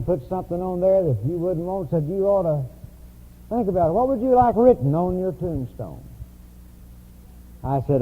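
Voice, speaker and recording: A man preaching a sermon in a church, telling stories in a conversational way. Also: sits high. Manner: storytelling, conversational. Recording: tinny lo-fi phone-like recording.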